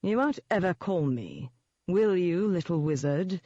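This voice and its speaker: An audiobook narrator voicing a cultured, menacing gentleman demon who speaks slowly and smoothly, with a taunting edge. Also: medium pitch, animated, no echo, dull audio. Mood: silky menace. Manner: slow, smooth, taunting delivery. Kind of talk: audiobook character voice.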